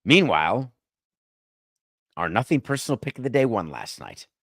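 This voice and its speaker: A middle-aged man hosting a sports podcast, talking in a brash, joking monologue full of quick asides. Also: medium pitch, big pitch swings, fairly bright tone, breathy edge, dry recording, studio quality. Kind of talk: casual sports commentary monologue.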